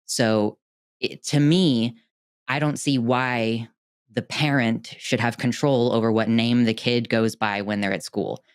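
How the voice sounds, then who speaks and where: A co-host on a call-in talk show, speaking earnestly and thinking out loud. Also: medium pitch, smooth, dry recording, studio quality. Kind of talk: casual discussion with a caller.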